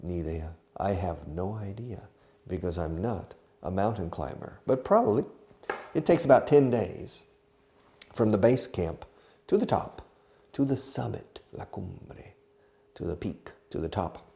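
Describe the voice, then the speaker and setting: Male English teacher, low-ish mellow voice, animated, digressive classroom patter with Spanish asides. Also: unhurried, vocal fry. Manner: chatty, digressive, asks and answers his own questions. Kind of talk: filmed English lesson for Spanish speakers. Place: filming studio with a camera operator.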